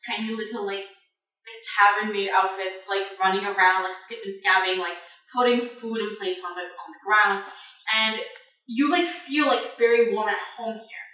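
A woman's voice: mid-range voice, fairly even intonation, moderate pace, sharp tone. A woman narrating as game master of a tabletop game, rambling with many fillers. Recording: echoey room, far from mic.

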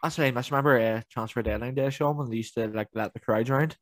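A man's voice: medium pitch, quick pace, dry recording. A young man, chatting casually on a podcast and swearing freely. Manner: animated, swearing, mimics viral clips. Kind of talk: casual chat.

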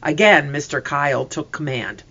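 Expressive storybook reader, lively pitch. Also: moderate pace, dull audio. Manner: expressive, reads characters' voices. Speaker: narrator. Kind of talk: storybook reading aloud.

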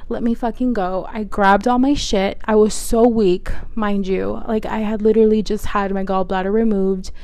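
A woman's voice: mid-range voice, level tone, moderate pace, few pauses, a little mellow, no room sound. A woman telling a personal story to her viewers in a casual monologue, peppering it with "like" and swearing freely. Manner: chatty, heavy filler "like", frequent swearing, addresses viewers directly.

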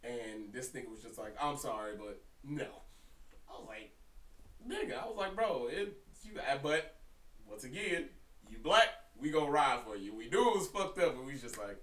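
A young man co-hosting a podcast, telling a story in casual, profane chat with an animated delivery. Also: mid-range voice, brisk, recorded from a distance. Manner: animated, profane, breaks into laughter. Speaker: podcast co-host. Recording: roomy echo, somewhat off-mic.

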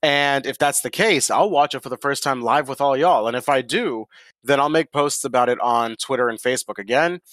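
A man's voice: medium pitch, a little fast, fairly bright tone, no echo. A man hosting a podcast in loose, profane casual chat, laughing easily. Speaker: podcast host.

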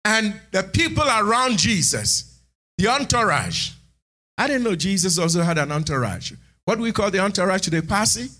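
A man preaching a sermon in church, animated, moving between hushed asides and shouted lines. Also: high-pitched, normal speed. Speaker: pastor.

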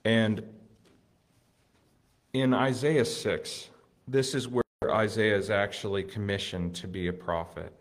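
A man preaching a sermon in an earnest way, building to excited emphasis and then dropping soft. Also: lowish voice, takes it slowly, long pauses.

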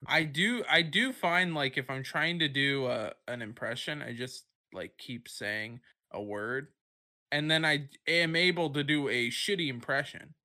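Bright-voiced swearing young man. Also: mid-range voice, a little slow. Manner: rambling, swears a lot, breaks into goofy voices. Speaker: podcast co-host. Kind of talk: casual profane chat.

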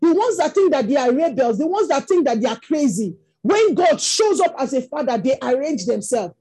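A woman's voice: sits high, sing-song, normal speed, mellow. A Nigerian woman preaching a sermon, telling stories that rise into impassioned exclamations. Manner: storytelling, rising to impassioned exclamations.

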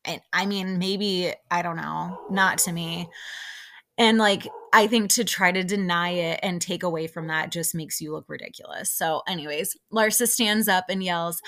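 Young female podcast host, casual and opinionated recap voice, slightly low pitch. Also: normal speed. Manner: chatty and opinionated, many fillers, quotes people in lively put-on voices. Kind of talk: casual chat.

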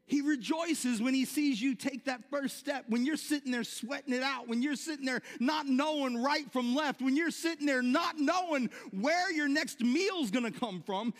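High-voiced animated preacher man in a reverberant hall. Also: moderate pace, few pauses. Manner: animated, repeats words, shouts when excited. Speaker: pastor. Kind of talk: sermon. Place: church sanctuary.

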